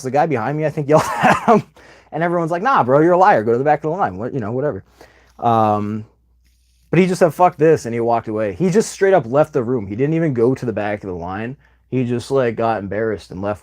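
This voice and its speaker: Man hosting a casual stream, rambling anecdote-teller who acts out the quotes, mid pitch. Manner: chatty, rambling, animated retelling with quoted voices. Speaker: livestream host. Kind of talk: casual livestream storytelling.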